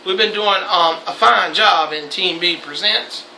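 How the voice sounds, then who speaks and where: High gravelly man hosting loose chat. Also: unhurried, pushed and bright, a little hiss or hum. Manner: loose, swearing, laughs often. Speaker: host. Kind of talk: casual chat. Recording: echoey room.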